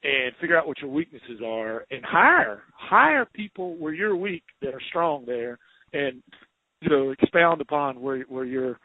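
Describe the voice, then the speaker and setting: A man with a Southern accent hosting a podcast interview, chatty and quick to laugh, with many restarts. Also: on the high side, big pitch swings, no echo. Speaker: podcast host, home inspector. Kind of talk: casual interview chat. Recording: dry, phone-like narrow sound.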